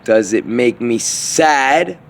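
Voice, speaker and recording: A man's voice: medium pitch, lively intonation, slow, vocal fry. A man delivering a meandering, slang-filled spoken monologue, often trailing off and restarting his thoughts.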